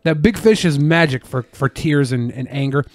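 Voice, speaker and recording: A man's voice: on the high side, moderate pace, crowd noise. A man co-hosting a podcast who rambles through joking stories and swears often. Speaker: podcast co-host. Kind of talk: casual show chat.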